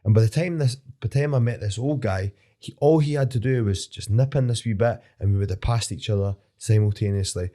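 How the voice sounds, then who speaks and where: A man with a Scottish accent, a podcast guest, telling casual anecdotes in an animated way and swearing often. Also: fairly low pitch, a little fast, few pauses. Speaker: podcast guest, pro fighter. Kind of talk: casual storytelling.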